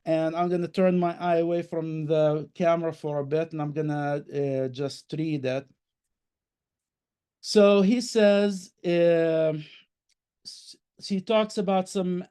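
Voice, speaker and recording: A man with a noticeably high-pitched voice speaks as a guest in an online panel discussion. He is passionate and emphatic, talking in short bursts and restarting his sentences. He repeats words to drive a point home. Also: steady tone, takes it slowly, mellow, smooth.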